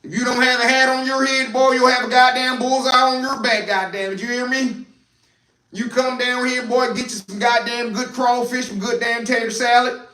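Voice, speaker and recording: A man voicing a loud, brash, cursing Texas country man with a put-on drawl. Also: little pitch movement, normal speed. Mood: boastful. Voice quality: brash, swearing, booming. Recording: roomy echo, distant mic.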